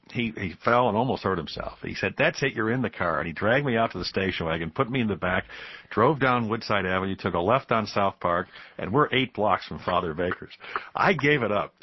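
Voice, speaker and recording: Low husky guy in his 50s from buffalo, guest on a radio show, tells stories with lots of laughs, dry dull studio sound. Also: dry recording. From Buffalo, New York. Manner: animated storyteller who laughs easily. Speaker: guest author. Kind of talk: radio interview storytelling. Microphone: studio microphone.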